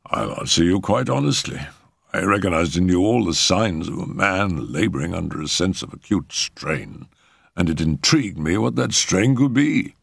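A man voicing a calm, matter-of-fact older doctor who soothes a troubled patient, in a storybook reading. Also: sits low, creaky, slightly rough, no echo, studio quality, exaggerated voice. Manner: unhurried, wry, matter-of-fact. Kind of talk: audiobook character reading.

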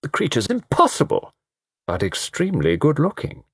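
A cautious middle-aged gentleman, as voiced by a male reader, measured and tactful in every phrase. The husky voice is dry and close to the mic. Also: on the high side, wildly swooping pitch, dry recording, pitched above the performer's own voice, exaggerated voice.

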